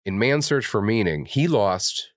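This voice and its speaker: A man's voice: fairly low pitch, expressive, unhurried, no room sound, clean studio sound. A man co-hosting a podcast, talking candidly in casual chat with blunt, heavily profane, openly emotional speech. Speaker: podcast co-host.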